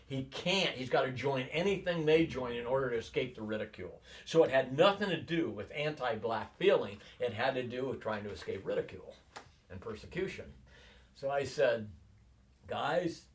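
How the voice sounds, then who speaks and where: At an ordinary speed and in a mid-range voice, a sixty-something interviewee talks from some distance away from the microphone. His personal stories run long and wander, and he animatedly puts on voices for the people he quotes.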